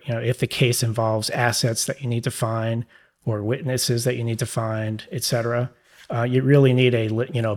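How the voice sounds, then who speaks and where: A man with a New York accent, a podcast guest explaining legal software in a casual, rambling way with fillers. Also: medium pitch. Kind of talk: conversational interview.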